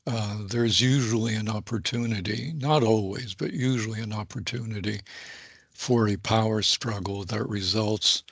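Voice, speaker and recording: An older man, a political science professor, giving a deliberate, carefully hedged spoken analysis in long qualified phrases. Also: on the low side, creaky, fairly bright tone, no room sound. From United States.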